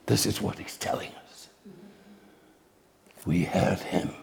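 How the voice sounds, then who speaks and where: A man preaching a sermon slowly, building to loud, emphatic peaks.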